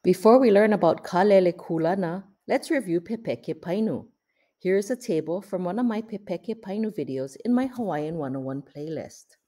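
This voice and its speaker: Female language teacher with a warm, lowish voice. Clear, careful scripted lesson delivery. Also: animated, normal speed. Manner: clear, explanatory, pronounces Hawaiian terms carefully.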